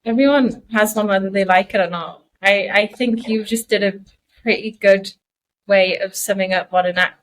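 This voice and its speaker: A woman from Newcastle with a softened Geordie accent, co-hosting a casual podcast and explaining things in a measured, thoughtful way. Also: medium pitch, rough recording. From Newcastle upon Tyne, England. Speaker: podcast co-host. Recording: recorded remotely, sound slightly off.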